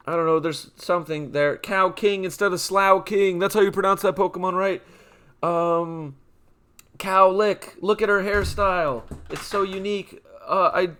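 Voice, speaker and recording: A young man with a fairly high, bright and crisp voice reads out a long string of punny names. He drags each name out, then rambles through quick offhand jokes about it. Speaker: comedy channel host. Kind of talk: comedic list-reading of nicknames.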